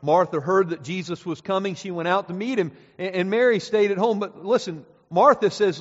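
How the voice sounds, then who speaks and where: A male pastor preaching a sermon, moving from quiet, slow passages to loud, climactic ones. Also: sits high. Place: church sanctuary. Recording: dull sound with long reverb in a hall.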